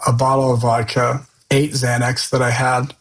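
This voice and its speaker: A man's voice: medium pitch, little pitch movement, normal speed, low-quality recording. Earnest man telling his life story. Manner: earnest and candid, loose conversational phrasing. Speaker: podcast guest. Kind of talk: personal testimony storytelling.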